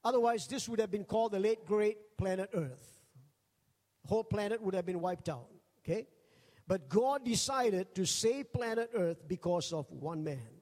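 A male pastor preaching a sermon in a jokey, animated storytelling manner. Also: sits high, normal speed, big-room sound. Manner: jokey, animated, acts out quoted voices.

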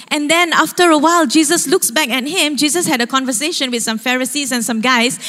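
A woman pastor preaching a sermon as she retells a story with animated storytelling. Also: high voice, brisk, hardly any pauses. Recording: long hall reverb.

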